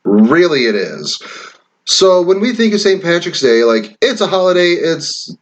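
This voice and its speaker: With a fairly high, very animated, unhurried voice, this Wisconsin vlogger chats casually through online quizzes. He reads each question aloud, rambles about it, and swears occasionally.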